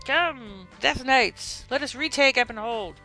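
A solemn death knight commander, as a woman plays him, giving stiff, formal orders in a slightly raised, gravelly voice. The tone is forceful and bright. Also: sits high, animated, a little slow, faint music behind, voice pushed up, heavily acted. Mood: commanding.

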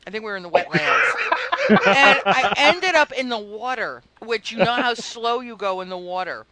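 A woman co-hosting a gaming podcast, telling stories in a giggly, animated way. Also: fairly high pitch, moderate pace, over a noisy crowd. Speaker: podcast host. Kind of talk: casual chat.

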